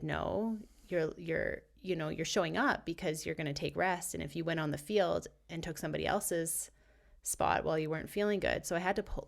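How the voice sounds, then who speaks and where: A woman guest on a podcast, a mentor of teenagers, tells a personal story with animation and frequent laughter. Her voice sits low and carries a gravelly fry. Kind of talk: casual podcast conversation.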